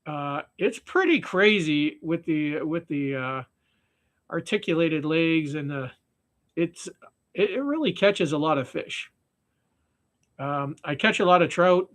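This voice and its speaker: The fly-tying streamer from Canada speaks slowly, his fairly high, fairly bright voice lively in intonation. He chats casually, drifting off mid-sentence and starting again, with plenty of fillers.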